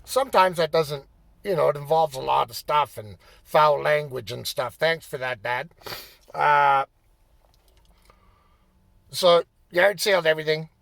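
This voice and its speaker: A man telling a personal story in a casual, profane way, getting animated and raising his voice as he relives the anger. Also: fairly high pitch, unhurried, gravelly, long pauses, no room sound. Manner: animated, swearing, bursts into shouting when reliving anger. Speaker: storyteller recounting his playing days.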